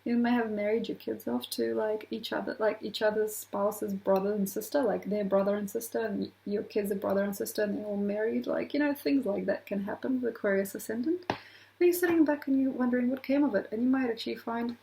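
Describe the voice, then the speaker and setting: A woman's voice: mid-range voice, fairly even intonation, brisk, creaky, warm tone, poor audio. A woman astrologer talking casually to camera, rambling from point to point with laughing asides.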